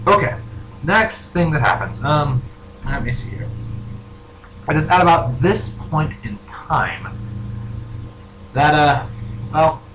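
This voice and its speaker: A young man in casual chat, narrating as game master for a tabletop role-playing game, relaxed and quick to laugh. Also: a little high. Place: room at a table with other players. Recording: echoey room with clear background noise.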